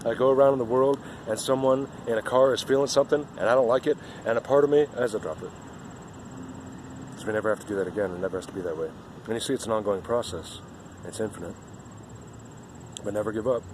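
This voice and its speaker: A man's voice: mid-range voice, a little mellow, slight background noise. A man giving an earnest, rambling spiritual monologue outdoors, often repeating himself.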